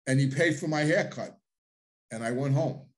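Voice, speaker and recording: A man's voice: medium pitch, normal speed. A middle-aged man telling his own life story in a loose, rambling way, full of restarts and plain street talk. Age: middle-aged or older. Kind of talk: casual storytelling monologue.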